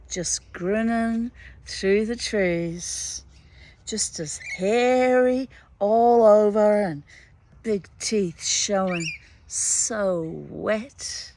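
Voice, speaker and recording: A woman reading a folktale aloud as a storyteller, unhurried, with chatty personal asides. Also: a little high, a little mellow, slight background noise.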